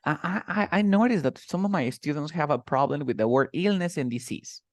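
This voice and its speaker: Male English tutor, animated and patient, bilingual explanations, lively pitch. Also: fairly quick, no echo, clean studio sound. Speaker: English teacher.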